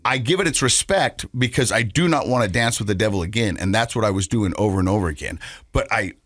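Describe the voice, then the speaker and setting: A man's voice: lowish voice, animated, fast, a bit bright, no echo. A man hosting a podcast, talking in a conversational, upbeat way in a casual interview. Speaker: podcast host.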